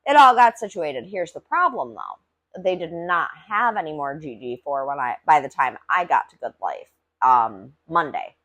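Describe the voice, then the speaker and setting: A woman's voice: deep voice, very animated, normal speed, pushed and bright. A woman hosting a casual solo podcast, rambling and chatty with lots of filler words and casual swearing. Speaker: podcast host reviewing cannabis.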